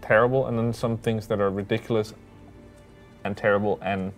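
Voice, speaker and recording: A man co-hosting a game livestream, talking casually and handing out quick gameplay tips, with game music faintly behind. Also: lowish voice, fairly even intonation. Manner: chatty, quick advice-giving, lots of fillers. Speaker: livestream co-host.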